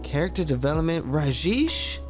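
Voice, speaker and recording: A man with a somewhat higher voice in a casual podcast chat, enthusiastic and punchy as he stacks up short repeated phrases. Faint music plays underneath. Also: sing-song, normal speed.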